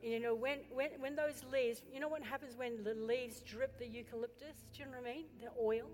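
High-voiced woman preaching in an echoey hall. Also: steady tone, a little fast. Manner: impassioned, builds to loud exhortation; chatty asides and questions to the congregation. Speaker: pastor. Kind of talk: sermon. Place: church. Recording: echoey hall with faint music.

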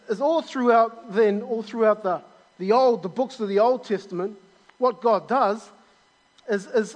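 Enthusiastic high-voiced male preacher. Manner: enthusiastic, repeats himself with many restarts. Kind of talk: sermon. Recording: long hall reverb.

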